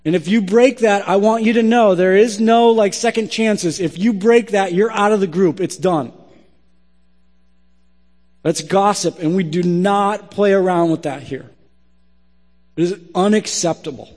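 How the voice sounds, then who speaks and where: A male pastor delivering a sermon in a large hall, his voice ringing out with a long reverb. He speaks in a slightly higher register, blunt and emphatic in his direct address. The tone is forceful and pointed. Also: a little slow.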